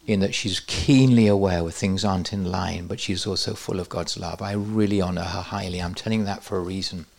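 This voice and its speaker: A man's voice: deep voice, steady tone, brisk, creaky, a little mellow. A man teaching at a church conference, with joking, self-deprecating asides to the audience. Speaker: preacher.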